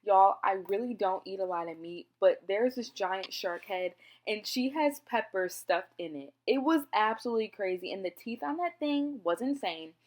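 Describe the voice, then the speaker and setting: A young woman chatting to her viewers in a relaxed travel vlog, keen to recommend her favourite spots. Her pitch sits in the middle, and she talks the way you would with friends. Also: normal speed, few pauses. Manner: chatty and enthusiastic, recommending places. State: out of breath. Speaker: travel vlogger. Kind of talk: casual travel vlog chat.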